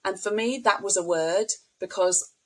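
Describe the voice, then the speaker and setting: A woman's voice: medium pitch, normal speed, poor audio. A middle-aged woman, a speech and language therapist, explaining child language with anecdotes as a podcast guest. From United Kingdom. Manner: warm explanatory, models child talk with anecdotes. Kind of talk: podcast interview.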